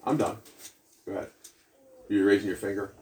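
A man preaches in a church hall, speaking conversationally, putting questions to the congregation, and adding a storytelling aside. His voice is fairly low, steady, fairly quick, and mellow, captured from a distant mic in an echoey hall with faint noise.

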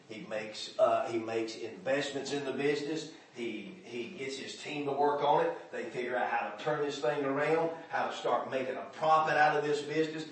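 Man preaching in an echoey church. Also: mid-range voice. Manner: folksy, dialect grammar, builds from hush to shouting. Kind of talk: sermon. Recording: echoey hall from far off.

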